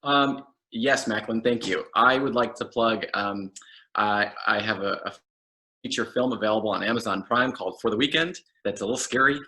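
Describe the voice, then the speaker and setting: A man, an actor and guest, telling an absurd comedic story in a rambling, deadpan way with fillers and restarts. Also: fairly low pitch, normal speed, husky.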